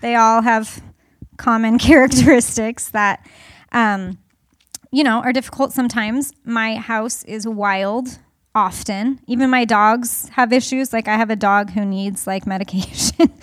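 A woman's voice: on the high side, fairly even intonation, measured pace, dry recording, clean studio sound. A middle-aged woman giving a candid, chatty personal talk to a group, full of fillers. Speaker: speaker.

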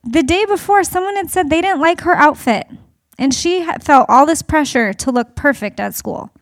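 A woman in her thirties talks to an audience in a high, bright voice, animated and chatty as she tells stories from home. The sound is close and dry, with no room around it. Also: moderate pace, no echo. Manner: animated storytelling with laughter. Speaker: speaker addressing an audience. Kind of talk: conversational talk to an audience.

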